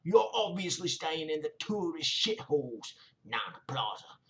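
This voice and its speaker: A man's voice: fairly high pitch, sing-song, measured pace, fairly bright tone, voice pushed up. A man voicing an angry, foul-mouthed English male commenter in a put-on South London accent, ranting and sneering.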